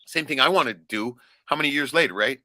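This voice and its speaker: A man's voice: mid-range voice, fast, sharp tone, no echo. A middle-aged man from Alaska telling a rambling, profane story in casual talk, laughing often and tagging lines with "right?". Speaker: vlogger.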